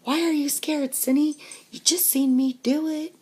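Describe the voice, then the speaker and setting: A woman voicing her older brother as a boy in a spoken story, coaxing and daring in a raised, loud voice. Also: high voice, fairly even intonation, normal speed, voice pushed up, natural voice. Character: bold older boy egging his sister on.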